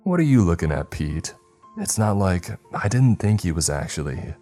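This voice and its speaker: A man's voice: deep voice, expressive, normal speed, dark tone, faint music behind. A man voicing a nasty, mocking teenage schoolboy who taunts his classmates. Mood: defensive. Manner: sneering, taunting.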